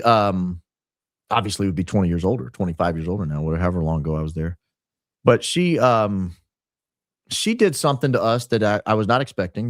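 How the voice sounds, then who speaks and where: Fortyish guy on a podcast, lowish voice, dry close mic, gets animated telling stories, restarts a lot. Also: no room sound. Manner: animated storyteller, frequent restarts. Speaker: podcast host, guest. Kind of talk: casual interview talk.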